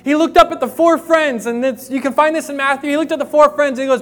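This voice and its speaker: A young adult man, a pastor, preaching a sermon with storytelling, moving from hushed, quiet passages to emphatic rises. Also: very high-pitched, fairly even intonation, fast talker. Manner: storytelling, voicing quoted people, swings from hushed to emphatic.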